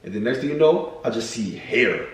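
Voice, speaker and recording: A young man on a couple's vlog recounting a story in an animated, slang-filled way. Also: mid-range voice, moderate pace. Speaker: vlogger, new father. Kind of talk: storytime chat. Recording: echoey room, mic at a distance.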